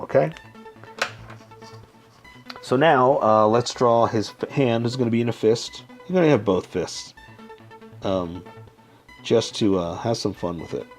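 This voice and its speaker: Low-voiced man talking through a drawing. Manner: relaxed, talks while drawing, frequent "okay?" check-ins. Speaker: drawing tutorial host. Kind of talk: casual step-by-step drawing instruction.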